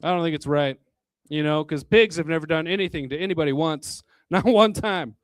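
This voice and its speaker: High-pitched male stand-up comic with a crude, rambling delivery, dry close sound. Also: fairly quick, no echo. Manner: crude, rambling, chuckles between jokes. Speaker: stand-up comedian. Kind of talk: stand-up comedy set. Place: live comedy venue.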